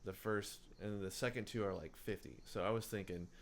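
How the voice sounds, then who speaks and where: Low-voiced man chatting casually on a podcast. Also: steady tone, brisk, creaky, slight background noise. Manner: rambling, many fillers and restarts. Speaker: podcast co-host. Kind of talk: casual book-club chat.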